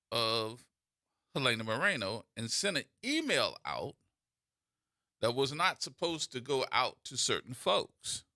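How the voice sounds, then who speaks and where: A man hosting a call-in radio show, telling stories in an animated way with repeats and restarts, into a studio microphone. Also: medium pitch, dry recording. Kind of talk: call-in talk radio monologue.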